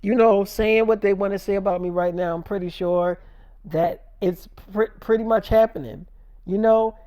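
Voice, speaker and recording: A performer voicing a shaken, forgiving young wife in an improvised spoken story, rambling and halting with many fillers. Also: medium pitch, steady tone, mellow, dry recording, studio quality, close to an everyday voice.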